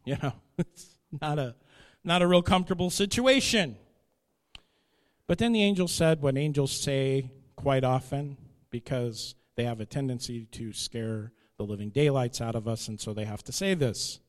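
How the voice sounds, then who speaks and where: A man preaching a sermon as pastor, swinging between loud declarations and quiet asides. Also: mid-range voice, in a large hall.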